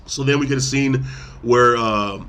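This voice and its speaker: A man's voice: medium pitch, a little slow, a bit bright, clean tone. Rambling podcast host man. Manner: rambling, many fillers and restarts. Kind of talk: casual movie review chat.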